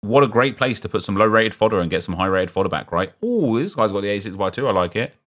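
Chatty South London man, lowish voice. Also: animated, fast, fairly bright tone. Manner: chatty, rambling, jokey asides to chat. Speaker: streamer. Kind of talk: casual game commentary.

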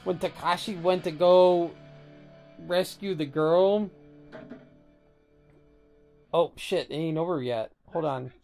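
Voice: medium pitch, slow, vocal fry, pauses often, a little mellow, soft background music. A sleepy vlogger casually recapping an anime episode, rambling and swearing freely with lots of fillers. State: sleepy, barely awake.

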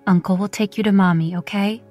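A woman reading a calm, soothing wealthy man. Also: medium pitch, brisk, faint music behind, close to an everyday voice. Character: stern rich man, tender with child.

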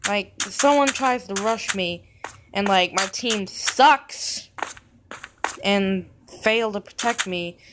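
A woman's voice: mid-range voice, takes it slowly. A woman hosting a gaming video, rambling in character with giggly, self-mocking commentary as she plays. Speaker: gaming channel host. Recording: steady background noise.

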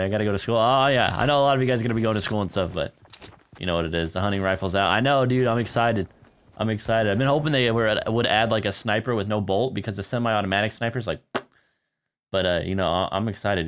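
A man's voice: on the low side, clean tone. A young man casually commentating a live game stream, chatty and laid-back, with a tired early-morning voice. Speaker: gaming streamer.

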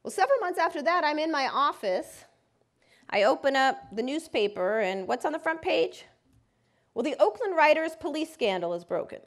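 A woman's voice: high voice, sing-song, normal speed. A woman lawyer giving a lecture, telling a personal story vividly and dramatically. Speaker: civil rights lawyer and speaker.

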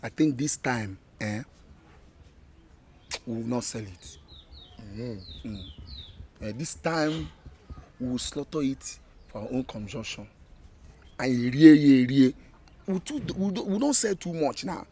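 An actor with a Nigerian accent playing a scheming young goat thief, excited and bantering in pidgin. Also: male voice, medium pitch, slow, long pauses, slightly rough, full character voice. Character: scheming young man plotting over stolen goat.

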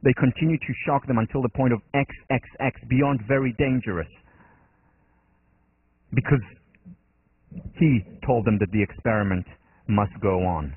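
A man's voice: medium pitch, normal speed, long pauses, dry recording. Man lecturing, dry narrow phone-like sound. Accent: Israeli. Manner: earnest, explanatory, acts out quotes in the story. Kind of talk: university lecture.

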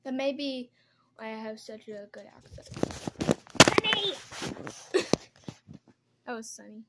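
A woman's voice: a little high, steady tone, a little fast, very noisy. A young woman chatting casually as she does her makeup at home, rambling from one topic to the next. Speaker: vlogger. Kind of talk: casual get-ready-with-me chat.

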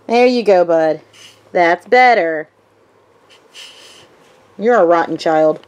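A woman's voice: lowish voice, slow pace, pauses often. A young woman vlogging casually, giving her dog short firm commands and sing-song praise.

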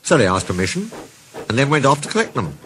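Expressive male storybook narrator. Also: mid-range voice, fast talker. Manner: expressive, playful. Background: background music.

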